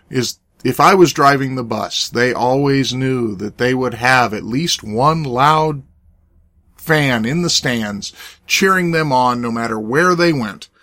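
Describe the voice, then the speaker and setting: A hoarse, raspy man hosts a Christian talk podcast in a folksy, earnest manner, often restarting his sentences. His voice sits at an ordinary male pitch. The recording is dry, with no room sound. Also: a bit bright, no echo. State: hoarse from cheering. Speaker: podcast host and preacher. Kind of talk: casual chat.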